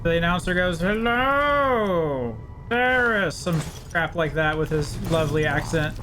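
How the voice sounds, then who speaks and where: High-voiced chatty streamer guy. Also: flat delivery, normal speed, over music. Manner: chatty, talks to chat, wry. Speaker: game streamer. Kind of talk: casual live-stream commentary.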